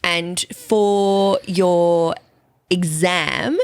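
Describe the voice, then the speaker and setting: A woman's voice: on the low side, steady tone, extremely slow, clear, resonant tone, no room sound. Chatty, dry-miked woman co-host. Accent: Australian. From Australia. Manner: chatty, laughing, swears casually. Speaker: podcast co-host. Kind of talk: casual chat.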